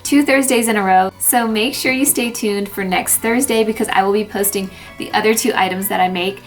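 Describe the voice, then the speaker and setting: A young woman chatting casually through a DIY crafting tutorial, gushing enthusiastically over her handmade gifts. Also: mid-range voice. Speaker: crafting vlogger.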